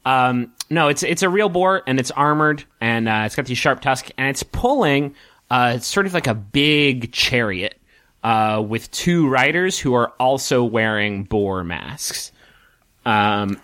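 Halting game master, dry sound. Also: male voice, medium pitch, expressive, pushed and bright, dry recording. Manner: halting, many ums and restarts. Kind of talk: narrating a tabletop game.

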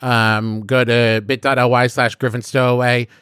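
A man co-hosting a podcast, making wisecracks and reading quick show announcements in an easygoing way. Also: medium pitch, level tone, a bit bright, clear, resonant tone, no echo, studio quality. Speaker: podcast co-host.

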